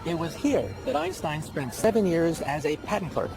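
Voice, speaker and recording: A man's voice: on the high side, big pitch swings, normal speed, gravelly. An older man presenting a science documentary in a dramatic, emphatic scripted narration. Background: background music.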